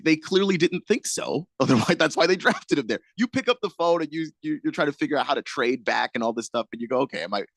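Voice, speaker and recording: A man co-hosting sports talk radio, laying out his reasoning in a measured, skeptical way. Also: fairly high pitch, animated, creaky, a bit bright, no room sound.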